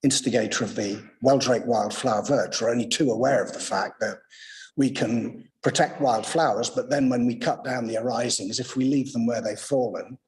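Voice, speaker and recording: A man's voice: mid-range voice, steady tone, moderate pace. A man chairing a council committee, courteous and wordy as he thanks and calls on speakers.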